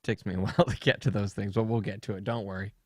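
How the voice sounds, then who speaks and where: A man's voice: fairly low pitch, steady tone, quick pace, no room sound, studio quality. A young man co-hosting a podcast, rambling through funny stories in casual chat and laughing often. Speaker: podcast co-host.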